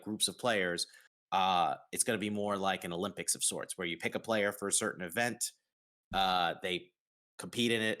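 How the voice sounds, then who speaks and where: A man from New York hosting a casual podcast, announcing results with dramatic pauses. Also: low-pitched, a bit bright. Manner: upbeat, dramatic pauses on reveals. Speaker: host.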